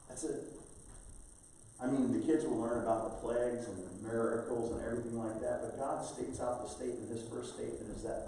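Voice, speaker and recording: A man's voice: medium pitch, fairly even intonation, normal speed, vocal fry, mellow, a little hiss or hum. A middle-aged man preaching a sermon as pastor, talking with the congregation in a conversational, storytelling way. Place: church sanctuary. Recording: roomy church hall, from far off.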